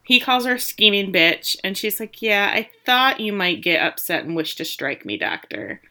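Animated woman recapping a show, bright tone. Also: mid-range voice, normal speed. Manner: animated, quotes characters in lively voices. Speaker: podcast co-host recapping a TV episode. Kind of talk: casual chat recap.

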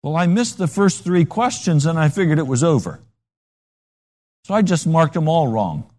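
A man's voice: on the high side, expressive, moderate pace, a little mellow. A man preaching a sermon with dramatic, emphatic storytelling.

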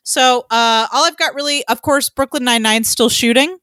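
A woman's voice: a little high, moderate pace, a bit bright, no echo, studio quality. A woman co-hosting a casual podcast, chatty and loose, with lots of ums and the odd swear word. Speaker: podcast co-host. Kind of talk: casual chat.

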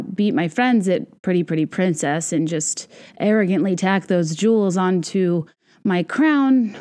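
Her voice lowish and mellow, a young woman rambles through a wry, self-deprecating comedic monologue as host of her podcast.

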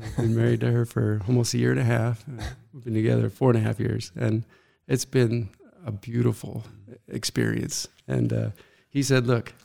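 A middle-aged man telling his own story as an interview guest, earnest and halting, often pausing to reflect. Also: medium pitch, animated, vocal fry, warm tone.

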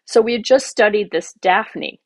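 A woman's voice: mid-range voice, unhurried, no room sound. A woman, a garden designer and podcast guest, telling an emotional personal story with many asides.

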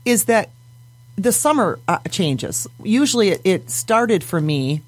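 A woman's voice: mid-range voice, sing-song, measured pace, slightly rough. A middle-aged woman, co-hosting a casual chat show and laughing easily as she talks. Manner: chatty, laughing, jumps in. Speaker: co-host.

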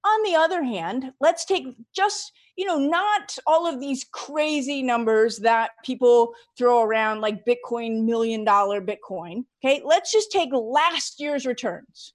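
A woman's voice: on the high side, expressive, measured pace. A middle-aged woman, a financial advisor, patiently walking through numbers step by step in an interview. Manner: walks through figures step by step, emphatic. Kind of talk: explanatory interview answer.

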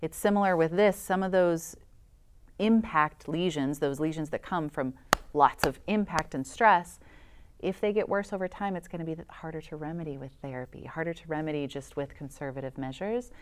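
A woman's voice: low-pitched, normal speed, smooth. A woman who works as a voice specialist, giving enthusiastic explanations as a guest in an interview.

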